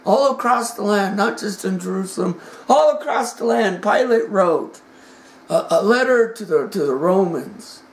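A man delivers a dramatic sermon, passionate and theatrical, dropping to a hush and then rising to a shout. His voice has a gravelly edge, and he takes his time with every phrase. The sound rings out in a roomy, echoing space. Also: high-pitched, lively intonation, unhurried. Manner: impassioned, swings from hushed to shouting. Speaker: preacher. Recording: echoey room.

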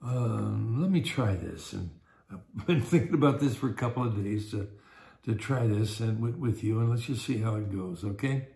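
A man's voice: lowish voice, animated, normal speed, gravelly, dark tone, echoey room. An older man, a pastor teaching a Bible study in a conversational way, often repeating words and acting out small everyday scenes.

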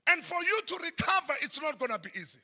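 A middle-aged South African man preaching a sermon, often breaking into shouted high bursts. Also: very animated, fast talker. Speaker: pastor. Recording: long church hall reverb.

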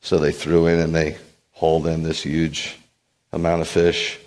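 A man serving as a rabbi, giving an animated sermon with joking asides and acted-out quotes. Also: extremely low pitch, a little slow. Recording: long hall reverb.

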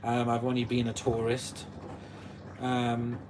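This channel host is a Welsh man in his forties whose medium-pitched voice sounds monotone and slow over background noise. On his live stream he reads viewer comments aloud and replies in a chatty manner.

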